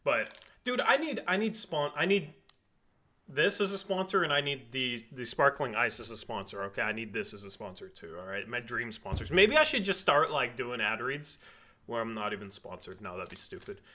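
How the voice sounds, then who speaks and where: A man's voice: mid-range voice, animated, moderate pace, pushed and bright. A man from Washington state hosting a casual postgame basketball chat on a live stream, talking in a chatty, joking way. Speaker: podcast host.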